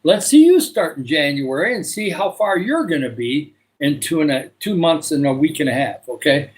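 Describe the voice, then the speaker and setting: A man's voice: on the high side, expressive, normal speed, poor audio. Chatty Michigan man hosting a livestream. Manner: rambling, many filler uhs. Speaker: livestream host. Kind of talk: casual live chat with viewers.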